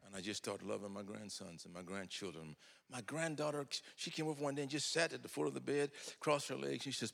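A man's voice: medium pitch, fast, vocal fry, fairly bright tone, in a large hall. An older man telling folksy, humorous family stories in a sermon, acting out the dialogue. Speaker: preacher. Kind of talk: storytelling sermon.

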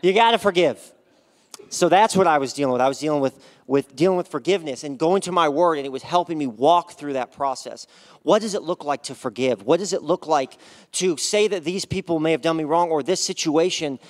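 A man's voice: fairly high pitch, brisk. A man sharing his testimony at a church service, speaking with passion and raising his voice to urge the congregation.

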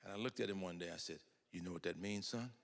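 A man's voice: sits low, fast talker, gravelly, big-room sound. An older man telling folksy, humorous family stories in a sermon, acting out the dialogue. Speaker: preacher. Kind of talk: storytelling sermon.

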